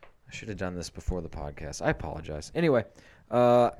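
A man's voice: deep voice, animated, brisk, darkish tone. A man co-hosting a podcast in casual chat, rambling and apologetic, with lots of filler words. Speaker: podcast co-host.

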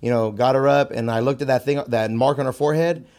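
A young martial arts instructor speaks candidly in a casual conversation, telling stories from his teaching and from fatherhood and repeating phrases. His voice is medium-pitched, fast, steady in tone and a little mellow.

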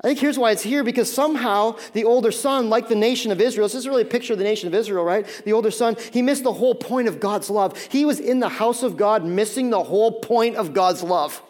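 A male pastor preaching a sermon, talking conversationally and emphatically and sometimes dropping to a hushed appeal. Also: sits high, fast, hardly any pauses.

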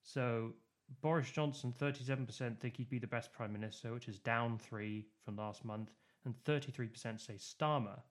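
A man co-hosting a chatty politics podcast, speaking at a middle pitch. He explains at length, circling back with fillers and false starts. The talk stays casual and unscripted. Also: normal speed. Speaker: podcast co-host.

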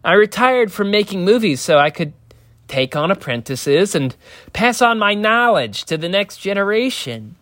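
A gentle, earnest retired filmmaker speaking as a patient mentor, as a man puts him on. He talks in a mild, halting ramble, pitched a little high, in a dry, close sound. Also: sing-song, no room sound.

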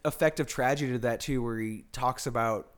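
American guy chatting about a movie on a podcast, mid-pitched voice, lots of "like"s, thinking aloud. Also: fairly even intonation, brisk. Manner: thoughtful, many "like" fillers. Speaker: podcast co-host. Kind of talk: casual film discussion.

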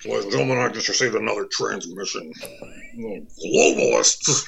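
A man's voice: on the low side, moderate pace, gravelly, muffled recording, a little hiss or hum. A man doing an impression of a ranting male conspiracy radio host, with a slight Texas twang. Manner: shouting bombastic rant with slight Texas twang.

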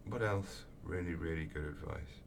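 A man answering interview questions as an author, telling lively anecdotes with acted-out voices. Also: a bass voice, normal speed, vocal fry. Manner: animated storyteller, acts out voices in anecdotes. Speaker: author guest. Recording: distant mic with faint background noise.

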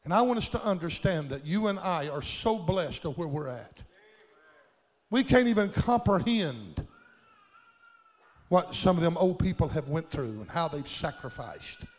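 A man's voice: on the high side, expressive, measured pace, in a large hall. An older man preaching a sermon in a church sanctuary, with impassioned, folksy delivery and plain country grammar.

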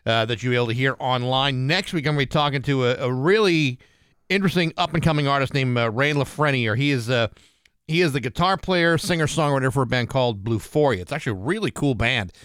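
A man co-hosting a morning radio show, talking in relaxed banter with frequent fillers and restarts. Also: mid-range voice, clear, resonant tone, no room sound, studio quality. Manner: relaxed, halting with many fillers.

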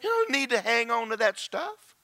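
A man's voice: very high voice, big pitch swings, normal speed, pushed and bright. A middle-aged man preaching a sermon, joking and acting out quoted voices.

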